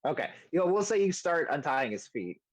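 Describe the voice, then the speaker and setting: A man's voice: on the high side, big pitch swings, fairly quick, no room sound. A man running a tabletop game as game master, talking with many fillers and restarts.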